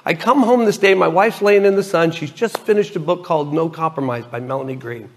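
A middle-aged man giving a lively personal testimony at a church gathering, acting out dialogue as he tells his story. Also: fairly high pitch, fairly quick, few pauses. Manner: lively storyteller who acts out the dialogue and laughs often. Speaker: lay minister sharing his testimony.

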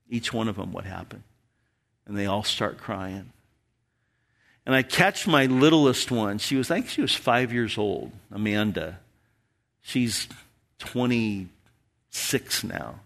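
A man in his fifties, a pastor preaching a sermon, earnest, with loud emphasis that drops at times to a near-whisper. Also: medium pitch, vocal fry.

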